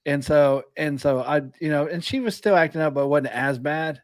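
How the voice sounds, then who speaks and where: A man's voice: on the high side, moderate pace, dry recording. A man co-hosting a podcast in casual chat, telling a story in a rambling way with lots of "you know" and restarts. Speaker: podcast co-host.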